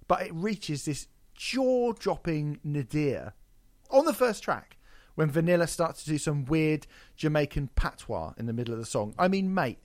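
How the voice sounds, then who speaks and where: Man, podcast co-host, mocking rant, sweary, very lively pitch. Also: moderate pace, no room sound, studio quality. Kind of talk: casual podcast chat.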